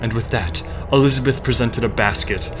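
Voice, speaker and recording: A man co-hosting a comedy podcast, reading a scripted story with dramatic flair between quick deadpan quips. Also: mid-range voice, music in the background.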